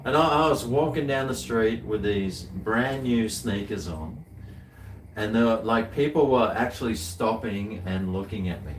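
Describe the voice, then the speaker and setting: Laid-back low-voiced Australian man. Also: measured pace, roomy sound, far from the mic, a little hiss or hum. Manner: rambling, with many restarts and fillers. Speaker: co-host of a live stream. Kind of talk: casual chat.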